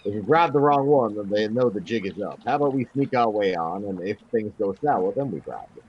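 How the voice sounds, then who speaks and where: A man plays a tabletop game with his friends. His voice sits low but swings lively in pitch, and he often restarts his questions midway. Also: a little fast, dull audio, a little hiss or hum. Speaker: player. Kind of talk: casual tabletop game play.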